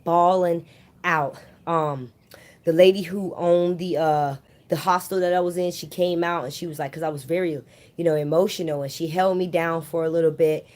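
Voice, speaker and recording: A woman's voice: fairly low pitch, a little mellow. A woman vlogger casually telling a personal story straight to her viewers, chatty and often calling them "you guys".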